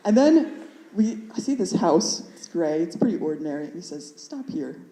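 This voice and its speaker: A woman's voice: on the low side, very animated, normal speed, dark tone, roomy sound, rough recording. A young woman in her twenties performing a stand-up comedy set in a nervous, rambling way, full of "like" fillers. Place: comedy club stage.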